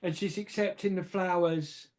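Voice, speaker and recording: A man's voice: high voice, fairly even intonation, moderate pace, a little mellow. Older Englishman telling a story, hesitant. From England. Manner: hesitant, repeats words, laughs at himself. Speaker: interviewee. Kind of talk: casual storytelling.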